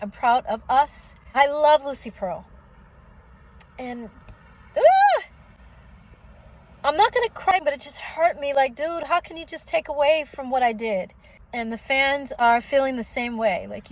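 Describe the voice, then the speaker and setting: Her voice on the high side, a middle-aged Oakland, California singer and vlogger speaks frankly to her audience. She's blunt and indignant, addresses them as "y'all," and the recording quality is low.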